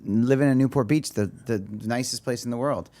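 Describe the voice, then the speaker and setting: Born in Egypt, this man hosts a relaxed podcast, swapping stories in an easygoing, slightly halting way. His voice sits at a middle pitch. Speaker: podcast host. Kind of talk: casual podcast conversation.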